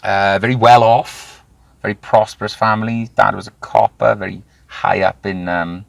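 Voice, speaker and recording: Male interview guest, 30s, gravelly low voice, dry close sound, blunt and animated storyteller. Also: moderate pace, no room sound. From Wales. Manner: animated, swears freely, acts out quoted voices. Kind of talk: candid conversational storytelling.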